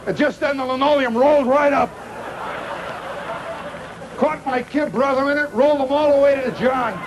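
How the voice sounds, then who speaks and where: A middle-aged man telling a rambling comic story to a live audience, wry and animated, with dramatic pauses and sound effects. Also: very high voice, lo-fi sound, crowd noise. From Indiana, United States. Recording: 1970s live recording with noisy audience.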